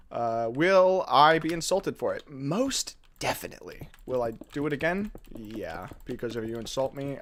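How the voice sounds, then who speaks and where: A man hosting a casual live stream, chatting with viewers and joking at his own expense as he builds. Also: medium pitch. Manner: lively, jokey, chatty, often laughs at himself.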